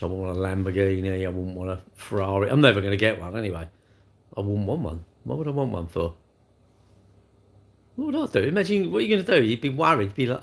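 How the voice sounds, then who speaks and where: A middle-aged man, hosting a casual live stream where he reads viewer comments and chats bluntly, rambling with restarts and tag questions. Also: lowish voice. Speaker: livestream host.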